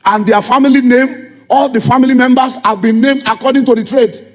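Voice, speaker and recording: A man's voice: very high-pitched, steady tone, brisk. A middle-aged man with a Nigerian accent, preaching a sermon as a pastor, firing repeated rhetorical questions at his congregation. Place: church. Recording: long reverb of a church hall.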